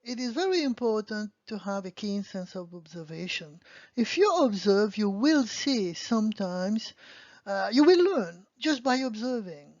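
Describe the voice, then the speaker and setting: A woman's voice: mid-range voice, very animated, measured pace, darkish tone, no room sound. A woman teaching beginner French grammar, explaining patiently and answering her own questions. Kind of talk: online language lesson. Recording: dull lo-fi dry sound.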